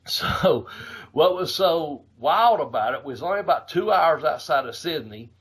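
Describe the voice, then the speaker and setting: A man hosting a podcast, telling a road story in a casual, profane, animated way, laughing as he goes. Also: fairly high pitch, measured pace, slightly rough. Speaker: podcast host.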